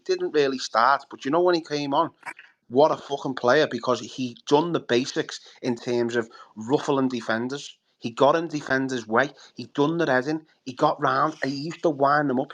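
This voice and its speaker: A man, co-hosting a football fan chat show, talking bluntly and animatedly with lots of swearing. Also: medium pitch. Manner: blunt, sweary, animated, acts out players' thoughts. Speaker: podcast co-host.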